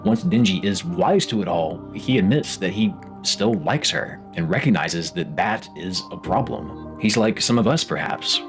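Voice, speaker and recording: A man narrating a scripted video essay, expressive and rising for emphasis, with a music bed under his voice. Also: sits low, normal speed, gravelly.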